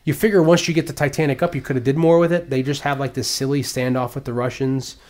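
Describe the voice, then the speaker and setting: A man in casual conversation about a movie, talking in long rambling runs. He gets animated and swears freely, dropping into quick voices for the characters he describes. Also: mid-range voice. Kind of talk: casual film discussion.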